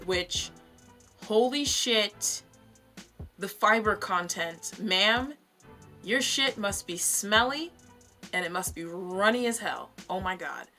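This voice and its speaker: A woman's voice: medium pitch, sharp tone. A young woman giving casual, blunt, profane commentary as she roasts other creators in her vlog, chatty and full of fillers. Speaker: vlogger reviewing other creators.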